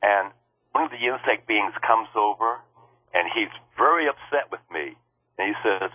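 Guest on a phone line: low, husky man telling his story earnestly. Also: lively intonation, moderate pace, dry recording. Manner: earnest, acts out quoted lines in a raised voice. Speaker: guest recounting an experience.

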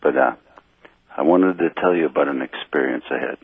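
A slightly drunk man calling in to a radio show, telling a long story in a rambling, halting way over a phone line. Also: very deep voice, gravelly, breathy edge, dry recording. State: a little drunk. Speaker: caller. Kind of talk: call-in radio chat.

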